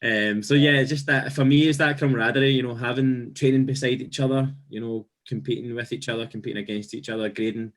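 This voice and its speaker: A man's voice: medium pitch, fairly even intonation, fast talker, few pauses. A man in a casual podcast chat, looking back on old memories and often repeating his phrases as he talks.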